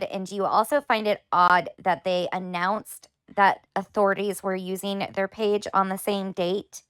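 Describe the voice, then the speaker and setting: A woman's voice: mid-range voice, flat delivery, unhurried, hardly any pauses, a bit bright, clear, resonant tone, dry recording, studio quality. A woman hosting a commentary video, talking through clips with pointed, sarcastic questions. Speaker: commentary host. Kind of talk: drama commentary.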